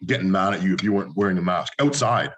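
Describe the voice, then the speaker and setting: A young man co-hosts a podcast, telling stories and offering blunt opinions in casual conversation. His voice is low but fairly bright, he talks fast, and the audio quality is poor.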